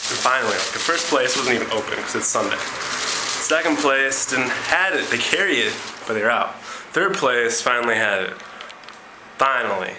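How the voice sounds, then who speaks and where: A young man chatting casually in a rambling video diary. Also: mid-range voice. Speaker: exchange student vlogger. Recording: echoey room, faint noise.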